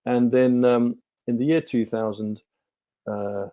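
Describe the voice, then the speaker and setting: A man's voice: medium pitch, fairly even intonation, slow, phone-quality sound. A middle-aged man, a guest on a podcast, telling his life story in a rambling way full of ums and restarts. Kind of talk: relaxed storytelling interview.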